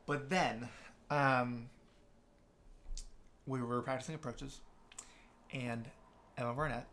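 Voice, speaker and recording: A young man appears as a podcast guest, rambling through a long story in casual talk with frequent restarts and acted-out quotes from other people. His mid-range voice is a bit bright and steady in tone, and he takes his time. There is slight background noise.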